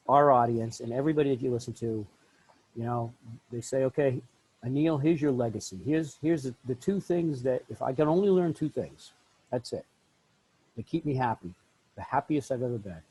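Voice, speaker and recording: Husky, effusive male podcast host. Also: mid-range voice, normal speed, darkish tone, poor audio. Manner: effusive, laughs often, talks in bursts. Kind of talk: casual interview chat.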